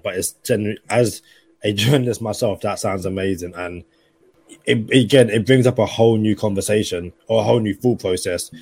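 London guy chatting sports on a podcast, lowish voice, dry close sound, lots of you-knows. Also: a little mellow, no echo. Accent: London English. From London, England. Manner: thinking aloud, many "you know" fillers. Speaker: podcast co-host. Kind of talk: casual sports podcast chat.

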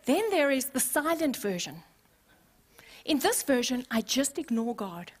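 A woman pastor preaching a sermon, expressive and playful, with humorous asides to the congregation. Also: high voice, unhurried. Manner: expressive, acts out scenes.

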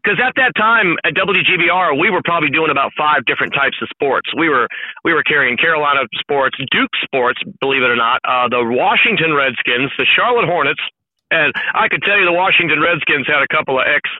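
A man's voice: a little high, a little fast, no echo. A man who is a sports broadcaster, chatting casually on a call-in radio show and slipping into playful voice impressions. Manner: animated, breaks into playful voice impressions. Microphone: phone call. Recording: dull phone-line sound.

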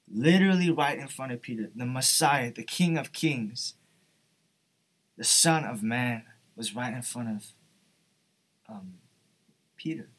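A man's voice: medium pitch, a bit bright, husky. A young man giving an earnest, informal devotional talk, often asking "right?" and "you know". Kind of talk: informal sermon.

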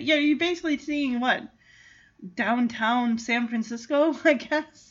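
A woman chatting casually in an amused way as she recaps a movie and does quick character voices. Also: on the high side, lo-fi sound.

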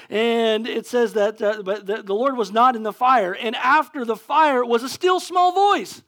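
A man preaching a sermon as pastor, casual and conversational, acting out scenes with animated energy. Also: very high voice, normal speed, few pauses.

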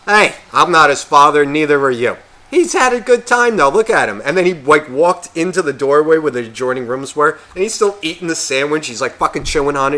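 A man co-hosting a podcast, telling a story in a casual, profane, animated way and acting out quotes. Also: fairly high pitch, quick pace. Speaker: podcast co-host.

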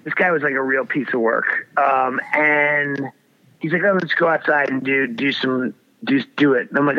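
A man's voice: medium pitch, normal speed. A man telling a wild story in casual chat, rambling and swearing with lots of restarts. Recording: dull lo-fi audio.

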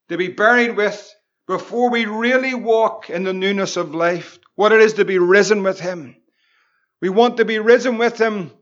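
A Northern Irish man, a pastor, preaching a Bible study with fervent exclamations and slow, emphatic repetitions. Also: sits high, fairly bright tone, muffled recording.

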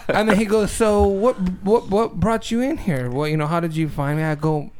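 A man co-hosting a podcast, telling a personal story with lively acted-out dialogue and frequent laughter. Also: high voice, moderate pace, slight background noise. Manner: animated storyteller, acts out dialogue, laughs often. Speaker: podcast co-host. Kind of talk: casual chat.

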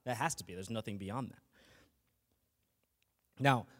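A man's voice: lowish voice, a little slow, fairly bright tone, big-room sound. A man giving a casual, earnest faith talk as a lay teacher, speaking conversationally with frequent restarts and fillers.

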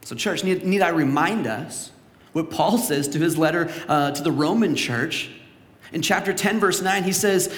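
A man's voice: on the high side, moderate pace, fairly bright tone. A young man from Canada preaching a sermon as pastor, telling stories and acting out the voices of the people in them. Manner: storytelling, acts out quoted voices. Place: church sanctuary. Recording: echoey church hall with long reverb.

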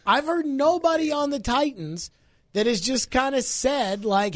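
A man's voice: extremely high pitch, very animated, moderate pace, dry recording, studio quality. A man hosting sports talk radio, arguing in a worked-up way over his team. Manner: worked up, argumentative. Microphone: studio mic.

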